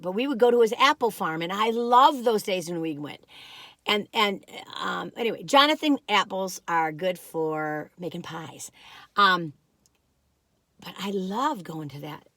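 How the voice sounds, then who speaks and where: A woman in her sixties, chatting casually as she reviews food on camera, rambling and self-deprecating, with a slightly squeaky voice that has mellowed over the years. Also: bright, forceful tone, no echo. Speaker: vlogger.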